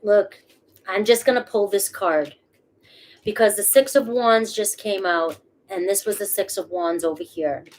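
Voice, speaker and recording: Chatty tarot reader with a Boston accent. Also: female voice, mid-range voice, unhurried, a little mellow. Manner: casual, chatty, swears freely. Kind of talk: live tarot reading.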